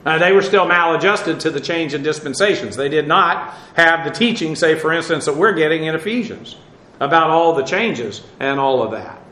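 A man's voice: a little high, animated, normal speed, sharp tone. Man teaching Bible class, echoey room. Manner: conversational, many fillers, dry asides.

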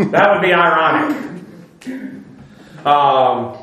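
A man with a high voice teaches a Bible sermon in a loose, conversational way. He drops filler "uh"s and slips into dry, sarcastic asides. His voice rings through a very echoey room. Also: expressive, extremely slow, pushed and bright. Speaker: preacher.

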